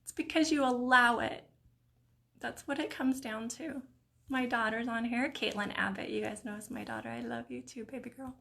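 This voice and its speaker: Middle-aged woman, slightly higher voice, hosting a live stream, reading comments with warm, emotional encouragement. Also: fairly even intonation, moderate pace, gravelly. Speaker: host of a live mindset stream.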